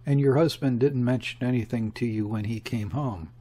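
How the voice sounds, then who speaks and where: A man reading the part of a shrewd, curt police inspector, asking probing questions in his own husky voice. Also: mid-range voice, moderate pace, dark tone, natural voice. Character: shrewd middle-aged male police inspector.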